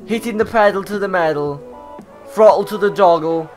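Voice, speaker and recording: A young Welsh man giving loud, joking, swear-heavy commentary over his own game footage. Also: high voice, moderate pace, soft background music. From Wales. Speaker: gaming YouTuber. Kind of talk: casual gameplay commentary.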